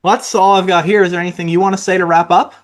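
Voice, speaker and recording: A man's voice: high voice, flat delivery, racing. A man hosting an interview podcast, talking casually and hesitantly with many fillers. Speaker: podcast host.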